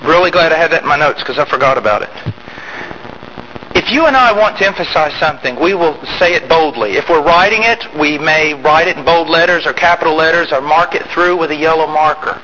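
A man preaching a sermon, emphatic, swinging from loud rising outbursts to quiet low asides. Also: fairly quick, lo-fi sound, slight background noise.

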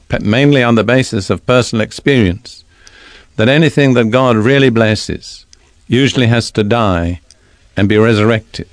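An older male Bible teacher giving a measured, deliberate radio sermon from an archive recording. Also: medium pitch, no echo.

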